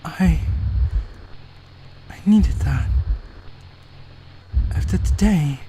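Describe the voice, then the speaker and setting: A man voicing a shy, troubled young woman from a game, in a soft, self-loathing way. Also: fairly high pitch, very slow, a little hiss or hum, pitched above the performer's own voice.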